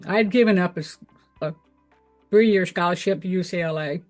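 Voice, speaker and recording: A woman's voice: fairly low pitch, moderate pace, darkish tone. Southern lady from tennessee chatting as a guest, middle-aged, earnest, lots of uh and you know, faint music under it. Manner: earnest, candid storytelling with fillers. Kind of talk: interview answers.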